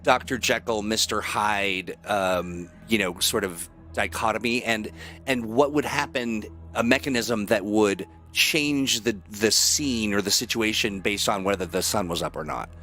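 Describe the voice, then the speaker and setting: A man hosting a live stream, reading out chat questions and asking his own in a halting, searching way. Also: on the low side, pushed and bright, faint music behind.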